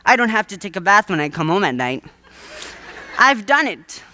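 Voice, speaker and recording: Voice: mid-range voice, very animated, normal speed, pushed and bright. A teenage student actor playing a wheedling male waterfront huckster in a live school stage play, with a theatrical salesman's patter.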